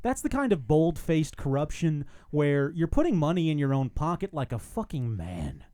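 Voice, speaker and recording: A man co-hosting a casual podcast chat, sardonic and animated, who swears freely. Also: on the high side, moderate pace. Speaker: podcast co-host.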